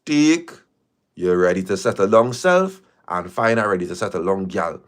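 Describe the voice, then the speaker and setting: A man's voice: deep voice, animated, moderate pace. A man hosting a casual live stream, talking emphatically, repeating phrases and firing rhetorical questions.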